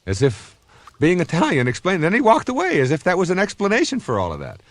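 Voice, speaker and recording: A man's voice: high-pitched, huge pitch swings, fast talker, dry recording. A man in his fifties giving a recorded self-help talk in an earnest, conversational, anecdotal way. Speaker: self-help author and speaker.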